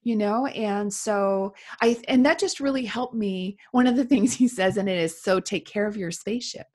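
A woman speaking in an earnest, reflective way in a casual conversation, with soft laughs. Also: medium pitch, normal speed.

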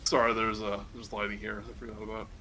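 A man narrating a tabletop game as game master, casual and halting, with fillers. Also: fairly low pitch, level tone, pushed and bright, slight background noise, poor audio.

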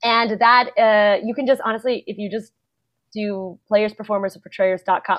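A woman's voice: medium pitch, flat delivery, moderate pace. A young woman from Texas, chatting casually as a podcast guest, giggly and self-deprecating. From San Antonio, Texas.

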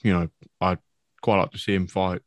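A man's voice: low-pitched, flat delivery, normal speed, dry recording. A man co-hosting a podcast, chatting enthusiastically about fighters and saying "mate" a lot. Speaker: podcast co-host. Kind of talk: casual MMA fight recap.

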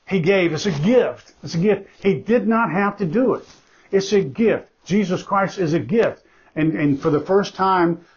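A man preaching a sermon as pastor, emphatic and conversational, repeating key phrases for stress and breaking off into asides. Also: on the high side. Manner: conversational, with asides and self-corrections. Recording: dull lo-fi recording.

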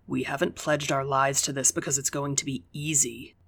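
An audiobook reader voicing a calm young man who speaks low and steady, sometimes turning stern. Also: moderate pace, gravelly. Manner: low, soft-spoken, steady.

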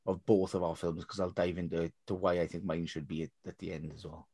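Man, podcast co-host, lively, casual, dry close sound. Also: low-pitched, fairly quick, slightly rough, no echo. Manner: animated, swears casually, laughs while talking. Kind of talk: casual film discussion.

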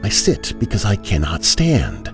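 A man's voice: low voice, wildly swooping pitch, measured pace, vocal fry, music in the background, heavily acted. A man voicing the ghost of a little girl in a whispery, airy voice. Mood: eerie.

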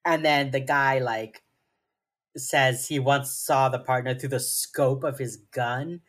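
Speaking slowly in a bass voice with fairly even intonation, a woman co-hosts a podcast. She recaps a TV episode casually and playfully, swearing freely and saying "like" constantly.

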